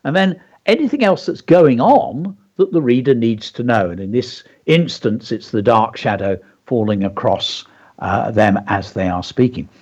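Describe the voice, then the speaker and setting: A man's voice: medium pitch, animated, unhurried, a little mellow, breathy edge. A man co-hosting a radio show, teaching children creative writing by walking through a story example step by step. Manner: walks through a story example step by step, reading lines aloud. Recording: dull lo-fi broadcast audio.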